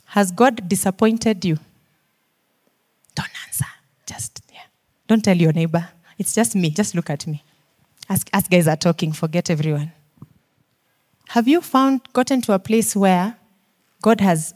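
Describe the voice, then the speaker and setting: A woman's voice: lowish voice, expressive, moderate pace, a little mellow. A woman preacher with a Kenyan accent, preaching a sermon in an earnest, pleading way, firing questions and moving from near-whispers to emphatic pushes.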